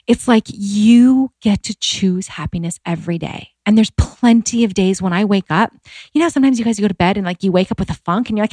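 A woman's voice: mid-range voice, fast, darkish tone, no room sound. A woman in her forties, a guest telling personal stories in candid, heartfelt conversation, with many fillers and a voice that rises when she is moved. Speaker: podcast guest.

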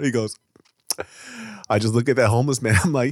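A man co-hosting a casual food podcast, laid-back and joking, swearing, with exaggerated high voices when he acts out what others said. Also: steady tone, a little fast. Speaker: podcast co-host.

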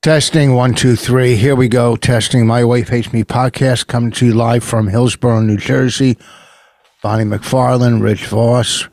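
A man's voice: medium pitch, level tone, measured pace, darkish tone, dry recording, faint music behind. A man co-hosting a podcast from home, bickering defensively with his wife in a casual argument. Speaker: podcast co-host. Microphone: computer camera.

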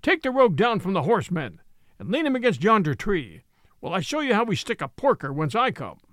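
A man's voice: high-pitched, big pitch swings, fairly quick, a bit bright, no echo, clean studio sound. A man voicing a cunning outlaw who fakes a harsh voice. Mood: scheming.

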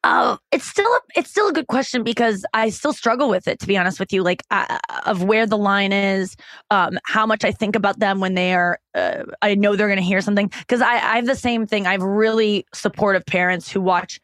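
A woman's voice: mid-range voice, fairly quick, a bit bright, no echo. A woman comedian speaking as a podcast guest in a mid-range voice. She talks frankly and rambles, with many fillers and restarts. The mic is close and dry. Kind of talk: candid conversational interview.

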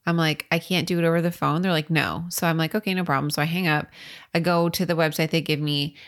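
A woman with a fairly low voice co-hosts a casual podcast chat. She tells stories with a lot of energy, laughs often and acts out what people said. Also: quick pace. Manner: animated storytelling, laughs often, acts out quotes. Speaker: podcast co-host.

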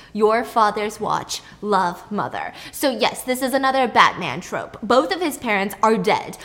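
A chatty young woman vlogger with a slightly high voice, telling a movie story and joking along the way. Her delivery is casual and expressive, with a lively, animated swing to it. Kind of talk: casual movie recap while cooking.

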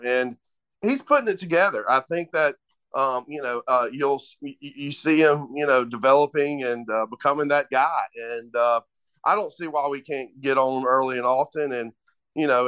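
A man co-hosting a sports podcast, talking picks in a halting way full of "you know" fillers. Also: mid-range voice, a bit bright, smooth. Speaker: podcast co-host. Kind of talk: casual sports chat.

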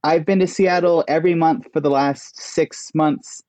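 Giggly rambling fitness coach. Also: male voice, on the high side, fairly even intonation, normal speed, a crowd in the background. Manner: giggly, rambling with many fillers. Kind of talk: casual podcast chat.

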